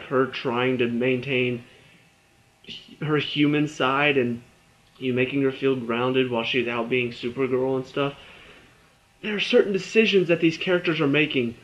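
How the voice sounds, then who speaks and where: A young TV review vlogger talks casually about a show, ranting in exasperation and tripping over his words. His voice is medium in pitch, and the recording's high frequencies are cut off.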